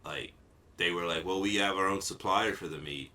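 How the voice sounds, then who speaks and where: A man's voice: sits low, normal speed, bright, forceful tone. A man hosting a casual podcast, telling a rambling story and laughing often. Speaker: podcast co-host. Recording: noisy home podcast recording.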